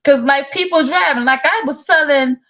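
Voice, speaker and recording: A woman's voice: high-pitched, normal speed, a bit bright, dull audio. A woman from Chicago with a Southern accent, hosting a casual live-stream chat, chatty and laughing often with a drawl. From south side of Chicago. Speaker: host.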